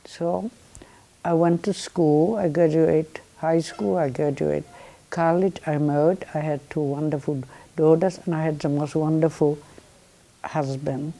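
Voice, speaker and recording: Slow, low-voiced older Polish woman. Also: steady tone, creaky, dark tone. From Poland. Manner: unhurried storytelling, acts out remembered dialogue. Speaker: Holocaust survivor giving testimony. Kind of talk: personal testimony to students.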